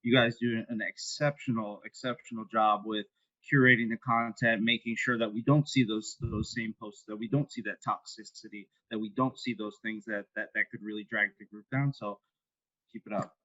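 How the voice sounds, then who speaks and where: A man's voice: on the low side, steady tone, normal speed, fairly bright tone, no room sound, lo-fi sound. A man joining a podcast as guest, talking earnestly and appreciatively in casual chat.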